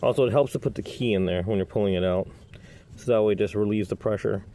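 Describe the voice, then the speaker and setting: A man, a locksmith, talking casually through a repair step by step in a relaxed, folksy way. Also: lowish voice, fast talker, slight background noise.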